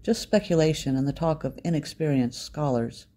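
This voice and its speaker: A man's voice: a little high, moderate pace, mellow, lightly acted. Man voicing a tense, impatient local man. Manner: blunt and impatient.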